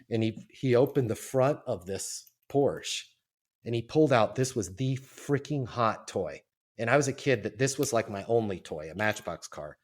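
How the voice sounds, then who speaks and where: A man of fifty, a guest on a podcast, telling his life story in a casual, animated way and acting out the voices of the people in it. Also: medium pitch, normal speed. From Colorado, US. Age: 50s. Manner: animated storyteller, acts out quoted voices, repeats words.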